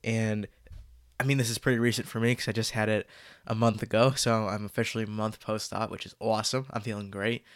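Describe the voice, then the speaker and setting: A man's voice: lowish voice, little pitch movement, a little fast, smooth, no room sound, clean studio sound. Congested teenage guy rambling on a podcast. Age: late teens. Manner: rambling, self-aware, jokey about stalling. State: congested, stuffy from a cold. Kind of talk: casual solo podcast chat.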